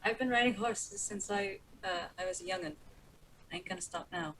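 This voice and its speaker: A woman's voice: mid-range voice, brisk, fairly bright tone, a little hiss or hum, poor audio. Woman drawling as a cowgirl. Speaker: player. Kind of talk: playing a cowgirl in a tabletop game.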